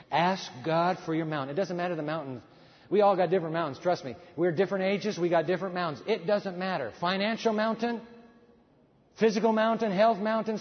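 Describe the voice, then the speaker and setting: A male pastor preaching a sermon, swinging between loud, fervent passages and hushed, quiet ones. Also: high voice. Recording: dull sound in a hall with long reverb.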